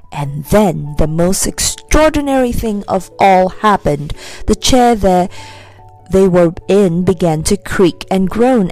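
A woman narrating a children's storybook in an expressive, animated reading. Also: medium pitch. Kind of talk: scripted narration.

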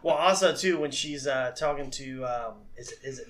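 A man co-hosting a casual podcast, speaking haltingly with pauses and fillers. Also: mid-range voice, crowd noise. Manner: hesitant, halting speech. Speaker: podcast co-host. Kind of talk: casual chat.

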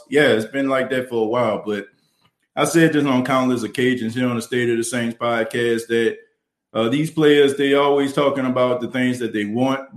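A man with a New Orleans accent hosts a live podcast from behind his mic and camera. He talks in a fervent, motivational way, packed with "you know" fillers, at an ordinary pitch. The sound bounces around an echoey room. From New Orleans, US South. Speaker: podcast host. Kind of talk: livestream podcast talk, reading chat. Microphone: studio mic and camera.

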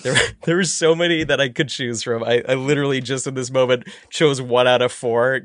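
A man hosting a comedic podcast game segment, excitable and quick to laugh. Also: medium pitch, no echo, clean studio sound. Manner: excitable, laughs often, upbeat game-host delivery. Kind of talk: lively comedic podcast chat.

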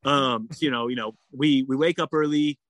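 A man's voice: mid-range voice, steady tone, normal speed, a bit bright, no room sound. A man telling a long personal story in a casual interview, full of fillers and restarts. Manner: rambling, frequent "like" and "you know" fillers. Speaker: endurance athlete guest.

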